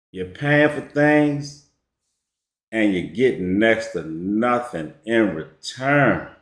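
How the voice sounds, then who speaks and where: A man giving a casual storytelling monologue as a relationship commentator, slangy and emphatic. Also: medium pitch. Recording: echoey room.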